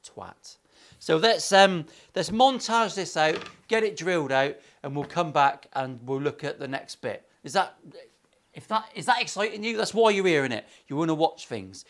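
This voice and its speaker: A man's voice: on the high side, expressive, moderate pace, a bit bright. A man with an English accent, talking through a guitar build in his workshop with crude jokes and a lot of swearing. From England. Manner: crude, swearing, joking asides. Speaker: luthier. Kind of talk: workshop vlog banter.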